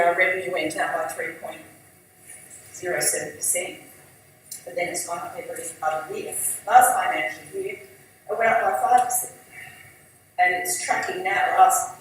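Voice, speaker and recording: A woman giving a conversational conference talk as an industry chief executive; she is losing her voice and keeps clearing her throat. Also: fairly low pitch, heavy reverb, far from the mic, low-quality recording. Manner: conversational, fillers and asides. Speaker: industry body chief executive, guest speaker.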